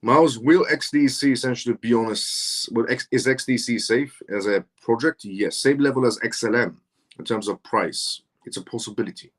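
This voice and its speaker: A man's voice: mid-range voice, moderate pace. A man hosting a live stream, reading out viewer comments and answering questions in a casual, repetitive conversational way.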